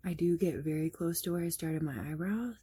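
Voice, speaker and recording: A woman's voice: low-pitched, fairly quick, warm tone, husky. A woman chatting casually through a makeup tutorial, explaining each step and laughing at herself now and then. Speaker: makeup vlogger.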